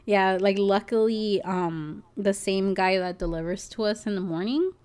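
A woman's voice: mid-range voice, unhurried, a little mellow, clear, resonant tone. A young woman chatting casually, telling a story in a rambling way, filling gaps with "like" and "you know", swearing and laughing now and then. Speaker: package delivery driver.

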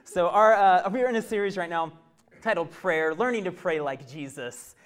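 Male pastor, casual, animated storyteller in a sermon. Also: sits high, normal speed, clear, resonant tone. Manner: chatty, animated storytelling with asides.

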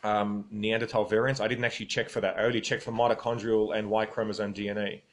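A man's voice: on the low side, flat delivery, fast talker. An Australian man livestreaming from his phone in a rambling, casual monologue, reading out viewer comments as he goes.

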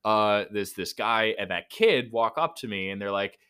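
A man's voice: lowish voice, moderate pace, smooth, dry recording, studio quality. A young man chatting casually as a podcast guest, telling anecdotes and acting out the people in them. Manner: animated storyteller, acts out voices in anecdotes. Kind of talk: casual chat.

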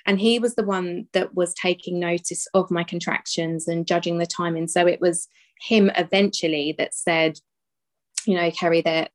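A young adult woman telling her birth story as an interview guest, calm and reflective, laughing now and then and repeating words as she recalls events. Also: fairly low pitch.

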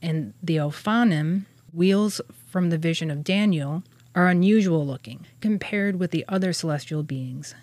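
On a podcast, a woman who attends Catholic church co-hosts and walks through angel hierarchy in old religious texts, laughing frequently and tripping over her words. Her voice is lowish and a little mellow, recorded without echo.

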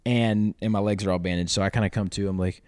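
A lower-voiced young man tells his story casually as a podcast guest. He is animated and acts out what people said in a loud voice. The sound is dry and close. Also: fast talker, no room sound.

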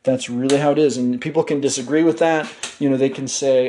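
A man's voice: mid-range voice, fairly even intonation, brisk, mellow, a little hiss or hum. A man hosting a podcast, giving a blunt motivational monologue full of swearing, fillers and restarts. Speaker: podcast host.

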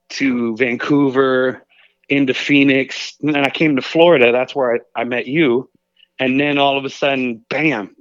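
A man's voice: medium pitch, fairly bright tone, dry recording, highs cut off. A man, a comedian, chatting in a casual interview, rambling and jokey. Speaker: comedian guest.

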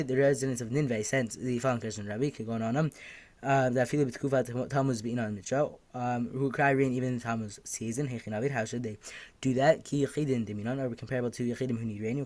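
A man leads a daf yomi Talmud class at a quick clip, his voice sitting in an ordinary middle register. He reads each Aramaic phrase aloud and then translates it into plain speech. Fillers and self-corrections run all through his talk. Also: mid-range voice. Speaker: Talmud teacher.

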